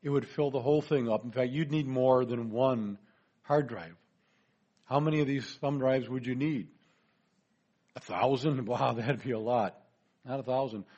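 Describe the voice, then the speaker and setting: A man's voice: mid-range voice, normal speed, pauses often, mellow, breathy edge, highs cut off. A man giving a chatty presentation lecture, joking with his audience. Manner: chatty, folksy, jokes to the audience.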